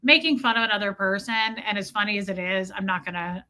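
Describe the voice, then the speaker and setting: A woman hosting a casual livestream, chatty and joking, who greets her viewers by name; her voice is slightly hoarse. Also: medium pitch, steady tone, fast, sharp tone. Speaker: livestream host.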